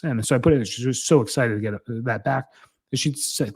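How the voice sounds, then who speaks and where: A man in his thirties hosts a casual solo podcast, speaking fast in a medium-pitched voice that is a little mellow and slightly rough. His talk is earnest and rambling, and he frequently corrects himself.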